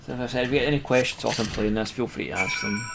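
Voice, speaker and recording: A man's voice: mid-range voice, rapid-fire, creaky, very noisy. Dry-humoured Scottish man streaming a game. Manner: dry, self-deprecating, reads quest text aloud. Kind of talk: casual game stream commentary. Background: game music.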